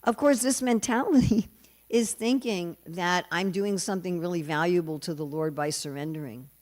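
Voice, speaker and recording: Preaching in a temple hall, an older woman leads a scripture class at normal speed, speaking in a lowish, darkish voice. She tells stories with humor, briefly playing the voices of the characters she quotes.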